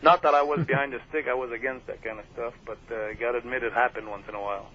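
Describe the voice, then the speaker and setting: A male guest tells wrestling stories in a casual interview, rambling loosely with plenty of fillers and laughter. His medium-pitched voice is steady but racing, with a crowd audible behind him, and the audio sounds like a muffled radio broadcast with faint hiss.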